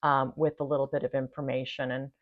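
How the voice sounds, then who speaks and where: A woman with a low voice talks casually to her channel's viewers, chatty and quick to laugh. She warmly thanks them as she goes. The recording sounds a little dull and lo-fi. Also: little pitch movement. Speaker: channel host. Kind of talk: casual talk to camera.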